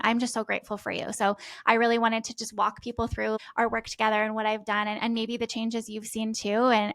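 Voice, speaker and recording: A woman's voice: medium pitch, a bit bright. A woman in her thirties sharing an emotional personal story in heartfelt conversation, earnest and grateful, often restarting her sentences. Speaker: podcast host.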